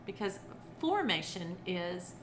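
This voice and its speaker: Taking her time in a lowish voice, a middle-aged children's entertainer and author shares animated conversational stories, acting out quoted lines and laughing often. The background is noisy.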